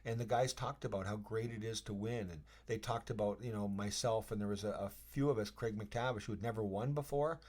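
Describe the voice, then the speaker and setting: A man in his fifties, a former hockey player, telling long stories as a podcast guest, animated and often restarting his sentences. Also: lowish voice, fairly quick, few pauses. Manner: animated storyteller, trails off and restarts, voice drops when reflective. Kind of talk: casual storytelling interview.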